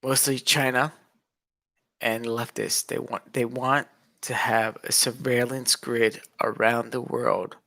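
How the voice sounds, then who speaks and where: A man's voice: mid-range voice, little pitch movement, takes it slowly, gravelly, bright, forceful tone. Agitated young man ranting. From United States. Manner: agitated, repetitive, mocking. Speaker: vlogger. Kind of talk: casual ranting monologue.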